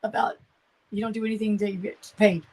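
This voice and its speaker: A woman's voice: mid-range voice, steady tone, brisk, a little mellow, slight background noise, low-quality recording. An older woman, hosting a casual craft livestream, chatting and reading viewer comments as she works. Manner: chatty, reads viewer comments aloud, trails off searching for words.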